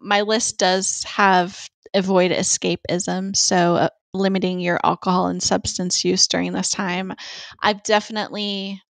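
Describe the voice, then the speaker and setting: A woman's voice: on the low side, little pitch movement, measured pace, creaky, no echo. A woman co-hosting a podcast, telling personal stories in an open, chatty way. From Georgia, US. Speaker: podcast co-host. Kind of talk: casual podcast conversation.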